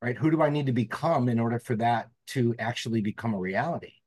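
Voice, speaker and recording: A man's voice: medium pitch, quick pace, darkish tone, no echo. A man, a podcast guest telling a personal story in an earnest, reflective way. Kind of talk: storytelling interview.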